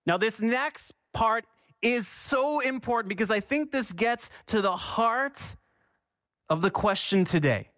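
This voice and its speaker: A man's voice: high-pitched, animated, measured pace, fairly bright tone, dry recording, clean studio sound. A man preaching a sermon with passion, repeating phrases for emphasis and asking the congregation questions. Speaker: pastor.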